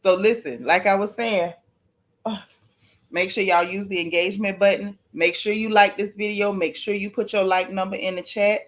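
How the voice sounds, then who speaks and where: A woman's voice: mid-range voice, steady tone, moderate pace. A woman hosting a casual gossip livestream, chatting to viewers and apologizing while she keeps sneezing from allergies.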